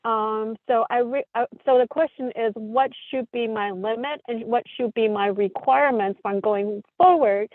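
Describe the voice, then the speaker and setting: A woman's voice: a little high, normal speed, few pauses, no echo. A woman calling in to an advice show. She speaks hesitantly and breaks off and restarts her sentences as she explains her situation. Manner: hesitant, many fillers and restarts. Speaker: caller. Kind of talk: call-in conversation. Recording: tinny dry phone line.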